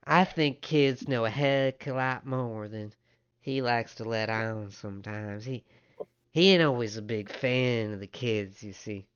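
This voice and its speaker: A man's voice: mid-range voice, measured pace, clean tone, muffled recording, lightly acted. A man voicing a chatty, gossiping gray-haired village woman with folksy rural grammar, in a tabletop game. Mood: gossipy.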